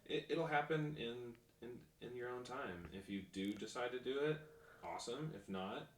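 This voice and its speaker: A man's voice: medium pitch, normal speed, a little hiss or hum. A man hosting a podcast, chatting in a casual interview style, earnest and encouraging, with some casual swearing. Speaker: podcast host. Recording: echoey room, far from the mic.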